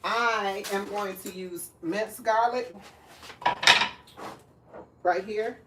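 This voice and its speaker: A woman's voice: medium pitch, very slow, heavy background noise. Chatty woman cooking live. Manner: chatty, laughs often, talks to viewers as y'all. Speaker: live cooking stream host. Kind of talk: casual live cooking chat. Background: clinking dishes and cutlery.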